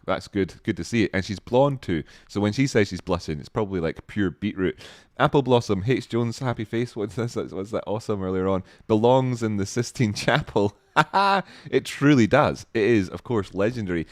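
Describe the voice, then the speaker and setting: Excitable man hosting a stream. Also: no room sound, studio quality. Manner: excitable, joking, with sudden high exclamations. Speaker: livestream host. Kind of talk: casual chat reading viewer comments.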